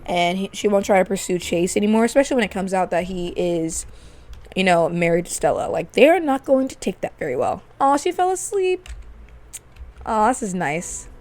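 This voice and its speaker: A woman's voice: mid-range voice, lively intonation, normal speed, a little mellow. A woman hosting a gaming video, chatting casually and spinning a story while she plays a life-sim game. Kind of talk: let's play commentary.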